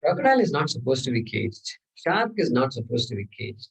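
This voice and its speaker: Husky man teaching scripture. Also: medium pitch, sing-song, fairly quick, far from the mic, rough recording. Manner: discursive, rhetorical questions, chanted Sanskrit verses. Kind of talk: lecture on scripture.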